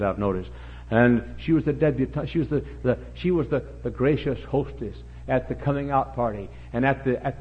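A middle-aged pastor preaching a revival sermon, dropping to low murmurs and then rising to shouted, high-pitched cries. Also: male voice. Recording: dull lo-fi sermon recording.

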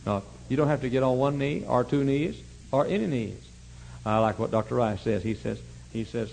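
A man preaching a sermon, telling folksy stories and swinging from quiet asides to shouting. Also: mid-range voice, fairly quick, gravelly, slight background noise, low-quality recording. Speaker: pastor.

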